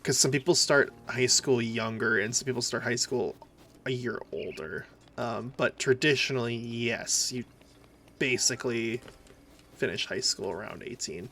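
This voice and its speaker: A man with a Minnesotan accent from the northern US chats casually and rambles while streaming a game. His mid-range voice has a sharp tone and moderate pace, with slight background noise.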